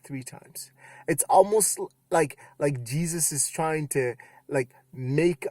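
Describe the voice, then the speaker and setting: A young adult man giving a casual youth sermon, retelling scripture with animated quoted voices. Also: fairly high pitch, slow pace, no room sound. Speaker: youth pastor.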